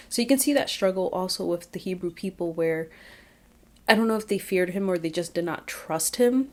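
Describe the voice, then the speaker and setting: A Bible study vlogger records a recap outside on a windy day, reflecting in a chatty way with many fillers and false starts. She speaks at a measured pace in a medium-pitched, slightly mellow voice.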